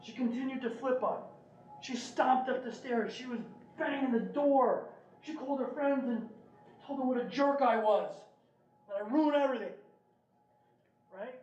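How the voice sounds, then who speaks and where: Middle-aged man, animated talk to parents, roomy distant recording. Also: extremely high pitch, moderate pace, long pauses, highs cut off. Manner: animated, asks the audience "right?". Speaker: speaker at a parent meeting. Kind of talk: presentation with storytelling. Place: meeting room.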